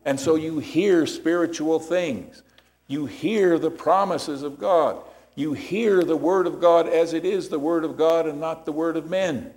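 A man's voice: on the high side, unhurried, a little mellow. A man preaching a sermon as pastor, explaining scripture step by step and checking in with rhetorical questions.

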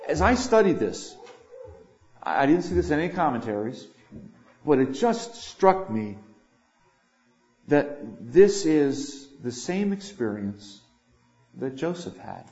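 An older man preaching a sermon, swinging between loud emphatic lines and quiet asides. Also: a little high, sing-song, slow pace, pauses often. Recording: echoey room, dull lo-fi sound.

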